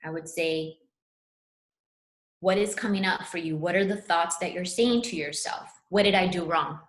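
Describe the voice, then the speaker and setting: A woman speaking as a spiritual counselor, telling a personal story in an earnest, animated way. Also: fairly low pitch, moderate pace, reverberant. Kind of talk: casual conversation.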